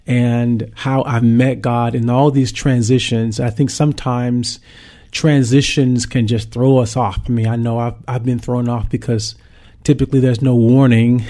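Male worship leader from St. Louis, mellow tone, earnest heartfelt testimony read. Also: mid-range voice. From St. Louis, Missouri, USA. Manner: earnest, heartfelt storytelling with frequent ums. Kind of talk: personal faith testimony.

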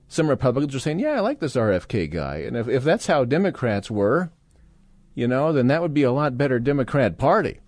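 Sarcastic talk radio host, dry studio. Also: male voice, medium pitch, a little mellow, dry recording. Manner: sarcastic, rambling, mock-indignant asides. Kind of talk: conservative talk radio monologue. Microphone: studio microphone.

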